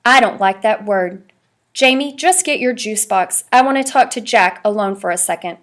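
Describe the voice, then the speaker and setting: A woman's voice: medium pitch, moderate pace, natural voice. A woman voicing a firm, scolding mother in a read-aloud storybook.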